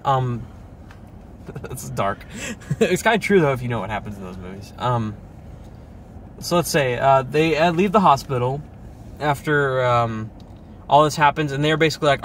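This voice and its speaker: A young man reviewing a film in casual chat from his car, excitable and swearing as he acts out scenes. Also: mid-range voice, normal speed, long pauses, a little hiss or hum. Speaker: movie reviewer. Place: parked car.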